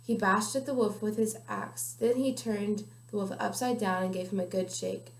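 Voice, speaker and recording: A woman's voice: mid-range voice, fairly even intonation, normal speed, vocal fry. A young woman reading a children's picture book aloud carefully, with small slips now and then. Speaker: guest reader. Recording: echoey room.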